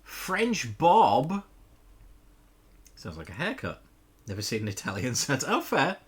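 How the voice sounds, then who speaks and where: A man's voice: mid-range voice, huge pitch swings, takes it slowly, breathy edge. A man chatting casually with his viewers during a live gameplay stream, playful and jokey, with casual swearing. He greets chat and reacts to the game as he plays.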